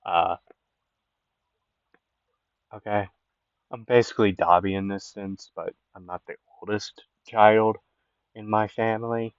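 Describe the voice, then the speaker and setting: A man's voice: lowish voice, fairly even intonation, measured pace, long pauses, clear, resonant tone, no room sound, highs cut off. A man casually improvising a fan story, rambling with lots of fillers.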